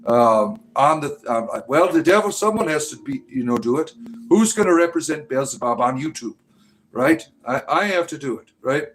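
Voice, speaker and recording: Mocking male host, rambling and sarcastic, slightly higher voice. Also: expressive, normal speed, a bit bright, slight background noise, rough recording. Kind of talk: casual livestream chat.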